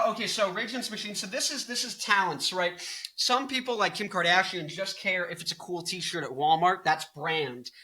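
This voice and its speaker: A man's voice: high voice, bright, forceful tone. A man in his twenties, a musician, giving his opinions in a casual, rambling vlog full of fillers and jokes. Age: 20s. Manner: rambling, filler-heavy, joking. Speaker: vlogger and musician.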